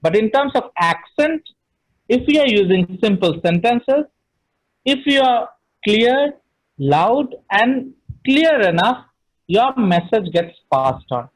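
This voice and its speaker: A man's voice: sits high, big pitch swings, slow pace, poor audio. A middle-aged man with an Indian English accent, giving an online training session on speaking, emphatic and full of "you know" fillers.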